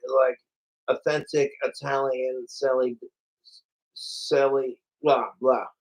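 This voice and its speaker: A man livestreaming in a casual, rambling, excitable way, a bit tipsy and slurring from alcohol, swearing often. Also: mid-range voice, slow pace, low-quality recording.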